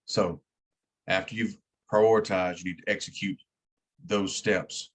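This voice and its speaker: A man's voice: sits low, steady tone, unhurried, slight background noise. A man teaching an EMT class in a plain-spoken way, repeating key words for emphasis. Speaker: EMT instructor. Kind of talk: classroom lecture.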